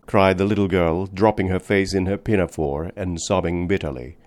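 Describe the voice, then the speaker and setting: Lower-voiced man narrating a book. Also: steady tone, moderate pace, few pauses, a little mellow. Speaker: audiobook narrator. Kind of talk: scripted narration.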